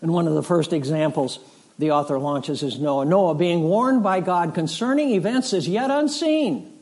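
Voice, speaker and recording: A man preaching a sermon as pastor, slow and deliberate, building in force as he reads scripture. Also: fairly high pitch, lively intonation, darkish tone. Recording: audio of a sermon.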